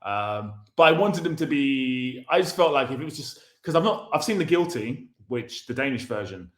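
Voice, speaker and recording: A man's voice: medium pitch, lively intonation, normal speed, a bit bright. A man, a film writer and director, chatting as a guest in an interview, laughing often and acting out his characters' lines. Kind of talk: casual interview chat. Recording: roomy echo.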